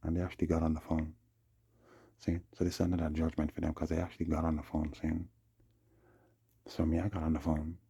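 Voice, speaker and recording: A man's voice: very deep voice, monotone, quick pace, long pauses, dark tone, no room sound, clean studio sound. A man in a rambling, agitated monologue, repeating himself and acting out what other people said to him. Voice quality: husky, gravelly. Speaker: vlogger. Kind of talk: rambling monologue recounting a dispute.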